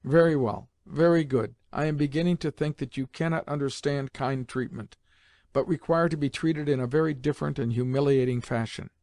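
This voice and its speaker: A man's voice: mid-range voice, steady tone, normal speed, a little mellow, dry recording, natural voice. A man reading an audiobook, voicing a stern, reproachful elderly grandmother who stresses each word. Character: stern, tearful aristocratic grandmother, elderly woman. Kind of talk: audiobook character voice.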